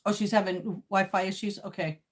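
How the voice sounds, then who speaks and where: A woman's voice: medium pitch, fairly even intonation, brisk. A woman hosting a casual livestream, chatting and greeting viewers while eating. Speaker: livestream host.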